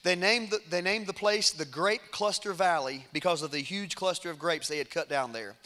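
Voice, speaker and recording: High, bright-voiced preacher telling a story. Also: male voice, normal speed. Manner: dramatic storytelling, swinging between hushed and loud. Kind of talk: sermon.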